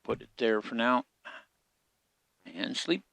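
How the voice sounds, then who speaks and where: A man with a gravelly, creaky edge talks casually over his gameplay, muttering to himself as he goes. His voice sits close and dry, with little room around it. He sounds easygoing, like someone narrating a solo session. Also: mid-range voice, slow, no echo. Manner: relaxed, muttering to himself while playing. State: hiccups. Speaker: game streamer.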